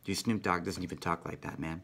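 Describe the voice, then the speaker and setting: A man vlogs in a rambling, profane, conspiratorial monologue, tacking "man" onto the end of almost every sentence. His voice is low and creaky, fairly quick, a bit bright, with a breathy edge.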